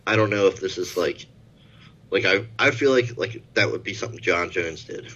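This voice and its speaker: A man's voice: low-pitched, normal speed, fairly bright tone, highs cut off. A man co-hosting a casual sports podcast, rambling and hedging his points. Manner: rambling, hedging, many "like" and "I feel like". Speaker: podcast co-host.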